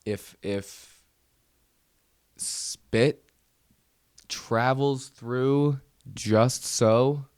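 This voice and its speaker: A man's voice: medium pitch, extremely slow, long pauses, a little mellow, dry recording, studio quality. A man hosting his own comedy podcast, ranting nervously and mocking himself. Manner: nervous, self-mocking rant. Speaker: podcast host. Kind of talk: solo comedy podcast monologue.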